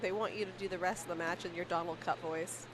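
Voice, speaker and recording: A woman's voice: fairly low pitch, steady tone, fast talker. A woman doing playful play-by-play commentary on a cornhole match. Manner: playful, laughs often between calls. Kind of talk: casual sports commentary. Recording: noisy event recording.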